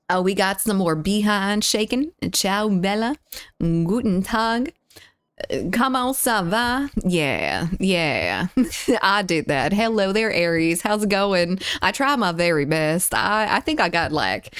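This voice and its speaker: A woman with a Southern US accent from the Deep South, chatting casually on a live stream, greeting viewers, reading chat aloud and giggling. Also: fairly bright tone, smooth, dry recording, studio quality. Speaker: livestreamer.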